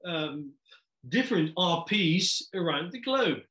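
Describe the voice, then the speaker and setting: A man's voice: fairly high pitch, animated, slow pace, a bit bright. A male interviewer and English teacher, asking questions hesitantly with many fillers and restarts. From Netherlands. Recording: roomy, echoey audio.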